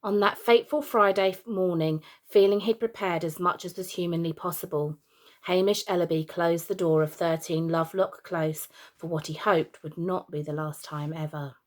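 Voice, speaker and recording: A woman reads a children's storybook chapter aloud at a plain, steady pace. She keeps a relaxed, unforced delivery, now and then slipping on a word and starting it again. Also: fairly low pitch, normal speed. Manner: plain, steady reading with small slips and restarts. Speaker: teacher reading aloud.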